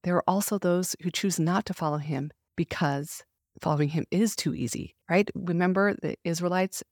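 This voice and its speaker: A woman's voice: lowish voice, moderate pace, dry recording, clean studio sound. A middle-aged woman hosting a faith podcast, speaking in an earnest, heartfelt, emphatic way. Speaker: podcast host. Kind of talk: faith devotional talk.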